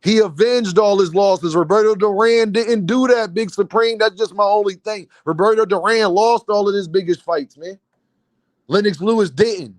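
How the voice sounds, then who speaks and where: Through a streaming mic with no echo, a high-voiced man hosts a livestream at a normal speed. He addresses the chat directly in casual commentary, stressing his points and saying them again.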